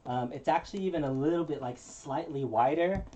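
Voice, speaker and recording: A man hosting a casual live-stream unboxing, talking in a relaxed, rambling way with plenty of fillers and restarts. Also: a little high, brisk, slight background noise. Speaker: channel host.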